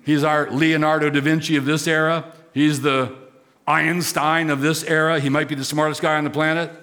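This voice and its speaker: A man's voice: fairly high pitch, flat delivery, moderate pace, a bit bright. Emphatic preacher man. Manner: emphatic preaching with rising, swelling repetition. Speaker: pastor. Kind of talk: sermon.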